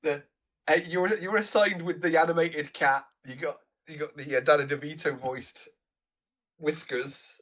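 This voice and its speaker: A man co-hosting a movie podcast, talking in halting bursts and laughing often as he recalls scenes. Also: on the high side, steady tone, fairly bright tone. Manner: halting, laughs often, loses his train of thought. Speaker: podcast co-host. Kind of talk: casual movie review chat.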